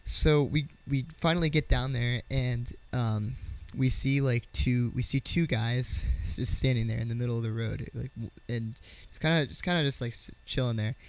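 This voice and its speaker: A man telling a personal story to camera in a casual vlog, halting, with many fillers, restarts and swear words. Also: medium pitch. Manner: swearing, excitable. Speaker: vlogger.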